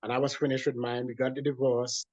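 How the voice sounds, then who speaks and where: A man recounts his own story as an interview guest, with lots of stops and restarts as he goes. He sounds dull and lo-fi, and the recording is dry with no room echo. His pitch sits in the middle range for a man. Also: fast. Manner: animated storyteller with repeated restarts.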